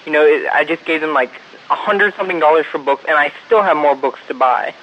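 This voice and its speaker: A man's voice: on the high side, a little fast, dull audio, slight background noise. A young man in his twenties leaving a recorded question for a podcast, rambling, crude and exasperated. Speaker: listener caller.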